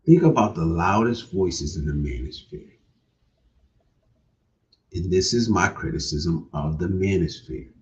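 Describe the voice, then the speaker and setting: A man with a deep, low voice, talking unhurriedly in a laid-back livestream chat, often ending his lines with "man". He sounds set back from the mic. The recording is dull and lo-fi. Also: lively intonation, measured pace, a little mellow, recorded from a distance. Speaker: livestream host. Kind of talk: casual livestream talk.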